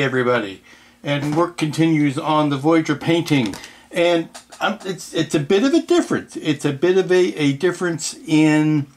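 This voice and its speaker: A man talks through his scale model painting in a loose, casual update. He rambles and hesitates, trips over his words and picks them up again, with a touch of self-deprecating humor. His voice sits at an ordinary, middling pitch. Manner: rambling, hesitant, restarts often. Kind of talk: casual hobby workshop update.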